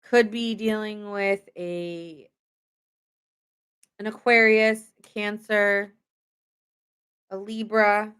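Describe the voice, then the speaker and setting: A woman reads tarot cards in a loose, talkative way, speaking right to her viewers. Her voice sits at an ordinary middle pitch, and her sentences run on with "like" scattered through them. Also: little pitch movement, extremely slow, long pauses, a bit bright, clear, resonant tone. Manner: chatty, lots of "like" fillers, talks straight to viewers. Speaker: tarot reader. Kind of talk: casual live tarot reading.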